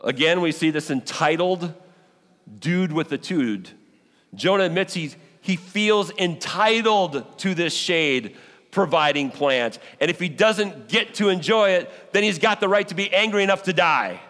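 A man preaching a sermon as a pastor, animated and exclamatory, acting out the people in the scripture. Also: high voice, unhurried. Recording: long hall reverb.

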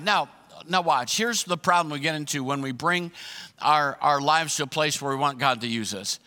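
Bright, high-voiced man preaching. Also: normal speed, in a large hall. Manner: emphatic preaching, repeats questions, acts out voices of others. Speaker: pastor. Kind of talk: sermon.

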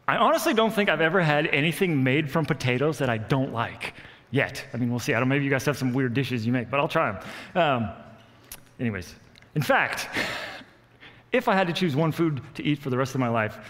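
A man preaching to his church, telling a personal story in an animated, self-mocking way and acting out what people said. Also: mid-range voice, a little fast. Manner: animated storyteller, acts out quotes, laughs at himself. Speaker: pastor. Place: church hall. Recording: long reverb of a church hall.

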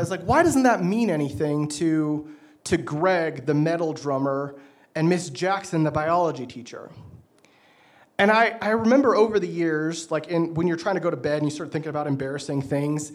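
A man preaching, telling a self-mocking story with animated delivery and frequent laughs. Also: high voice. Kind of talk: sermon with personal story.

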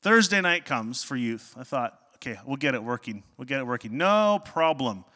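A man, a pastor, preaching a sermon with animated, self-deprecating storytelling and jokes. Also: medium pitch, normal speed. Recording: long hall reverb.

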